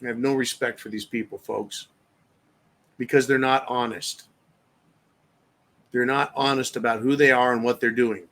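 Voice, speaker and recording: A man's voice: mid-range voice, steady tone, moderate pace, long pauses, fairly bright tone. A man hosting his own show, ranting in a profane, combative way and reading out viewer comments. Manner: reads viewer chat aloud. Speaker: show host. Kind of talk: live-stream commentary rant.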